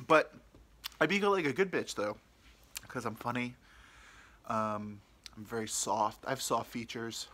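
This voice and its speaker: A man's voice: medium pitch, unhurried, pauses often, sharp tone. A young man hosting a podcast, telling a rambling, self-deprecating story in casual chat. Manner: rambling, self-deprecating, mimics people he quotes. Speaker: podcast host.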